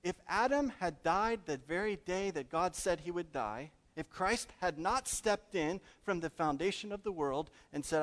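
A man preaches a sermon to his congregation, emphatic and questioning. His voice sits a little high for a man. The sound rings with long church reverb. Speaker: pastor.

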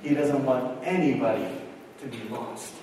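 A middle-aged man preaching a sermon, telling a personal story and acting out the dialogue with lively energy. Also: medium pitch, moderate pace, slight background noise. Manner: animated storyteller, acts out dialogue. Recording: echoey hall recorded from far off.

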